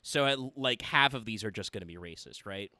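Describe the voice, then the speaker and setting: A man's voice: lowish voice, animated, fairly quick, bright, forceful tone, slight background noise. A man streaming a video game, chatting casually in a rambling, joking way with swearing. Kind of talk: casual let's-play chat.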